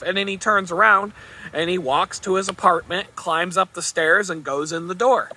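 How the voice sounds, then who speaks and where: A man vlogging in a loose, rambling storytelling monologue, chuckling now and then at his own tale. His voice sits a bit high with a sharp, forceful brightness. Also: steady tone, moderate pace.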